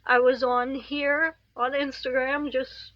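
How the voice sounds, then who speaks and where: A woman hosts a podcast, asking friendly questions slowly and with some hesitation. Her voice is high, and the recording is dry and a little dull. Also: level tone, no room sound. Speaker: podcast host. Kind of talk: casual interview.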